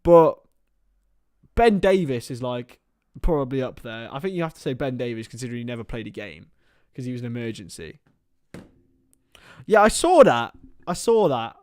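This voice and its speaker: A man's voice: medium pitch, sing-song, normal speed, long pauses, a little mellow, clean tone, no room sound, studio quality. A young man hosting a live stream, casually commenting on a football match and chatting with viewers by name, laughing often.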